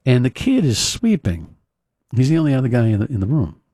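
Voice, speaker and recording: A man's voice: medium pitch, huge pitch swings, a little fast, warm tone, no room sound, clean studio sound. A male radio host casually retelling a film scene in a rambling way, full of fillers and restarts. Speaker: radio talk show host. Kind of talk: casual talk radio monologue.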